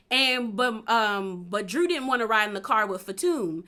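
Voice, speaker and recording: A young woman with a bright, forward voice sitting a touch high, chatting loosely through a reality-show recap. She laughs often and leans on filler words as she goes. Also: lively intonation, normal speed, few pauses. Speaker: recap vlogger.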